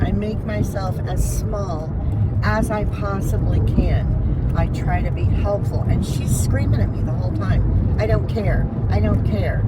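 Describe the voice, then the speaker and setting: Upset older woman over loud car noise. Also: lowish voice. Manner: upset, recounting an argument, holding back tears. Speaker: vlogger. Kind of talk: emotional personal vlog.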